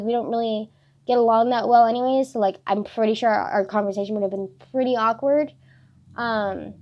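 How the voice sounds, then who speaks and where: Chatty teen girl, fast storytime ramble. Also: on the high side, a little mellow. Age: teens. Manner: chatty, filler-heavy, swears a lot. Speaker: vlogger.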